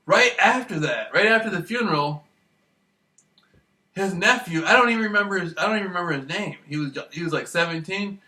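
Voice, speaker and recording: The vlogger's high, bright voice is expressive and fairly quick as he rambles through profane stories in a loose monologue, laughing often. He sits well back in an echoey room, far from the mic.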